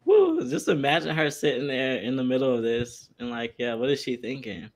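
A man's voice: mid-range voice, animated, normal speed, vocal fry. A man on a podcast panel in casual chat, laughing through his words and repeating himself.

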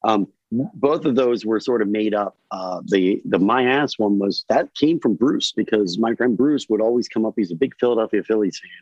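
A man from Delaware talks as a podcast guest, his voice sitting on the low side as he rambles along, stacking one "you know" and "like" on top of the next. The recording is dull and a little muffled, and there is almost no room sound around him. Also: normal speed, few pauses, no room sound. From Delaware, USA. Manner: rambling and animated, full of fillers. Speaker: guest actor. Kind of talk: casual podcast chat.

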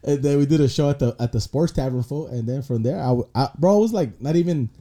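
Young norcal comedian rambling on a podcast, super dark mellow voice, calls everyone bro. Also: male voice, mid-range voice, fast. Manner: rambling storyteller, slangy, peppered with 'bro'. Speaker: guest comedian. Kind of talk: casual podcast chat.

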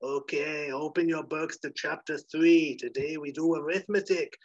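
A man voicing a mild, plain-spoken schoolteacher with a flat, matter-of-fact delivery. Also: fairly high pitch, normal speed, voice pushed up, natural voice. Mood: deadpan. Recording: slightly dull lo-fi recording.

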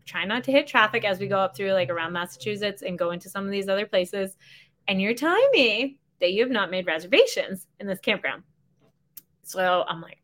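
A woman in her thirties hosting a podcast, telling a story in a chatty, animated way and acting out the dialogue. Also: mid-range voice, a little fast. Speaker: podcast host. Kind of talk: casual storytelling monologue.

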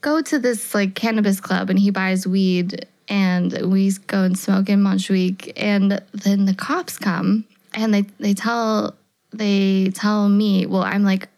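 Twenties American woman, casual rambling storyteller, mid-pitched, lots of fillers and quoted dialogue. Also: flat delivery, slow pace, a little mellow. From United States. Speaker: storyteller guest. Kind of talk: casual chat.

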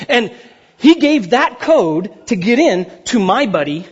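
High-voiced husky pastor preaching. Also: male voice, takes it slowly. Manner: conversational storytelling, lively and self-deprecating. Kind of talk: sermon. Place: church sanctuary. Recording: dull lo-fi sound.

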